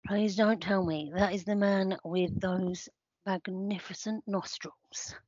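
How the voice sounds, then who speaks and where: Someone voicing an odd, dry male stats guru, delivering deadpan one-liners on a comedy podcast. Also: medium pitch, moderate pace, no echo, close to an everyday voice. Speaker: regular segment judge. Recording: slightly dull lo-fi sound.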